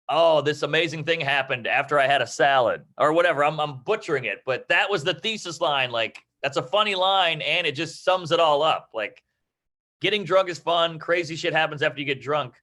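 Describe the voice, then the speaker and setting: A man's voice: on the high side, bright, forceful tone. A man chatting loosely about writing jokes, rambling and swearing, acting out little quoted voices as he goes. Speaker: comedy teacher. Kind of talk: casual comedy-writing chat.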